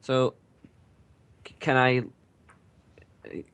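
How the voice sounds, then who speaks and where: A man's voice: mid-range voice, very slow, fairly bright tone, clear, resonant tone. A man playing a tabletop role-playing game, rambling and stopping to rethink. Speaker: player. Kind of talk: casual tabletop role-play chat.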